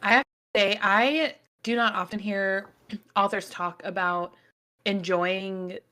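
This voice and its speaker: A woman's voice: medium pitch, steady tone, slow, bright, forceful tone. A woman hosting a book podcast in casual chat, who acts out other people's remarks as she talks. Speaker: podcast host.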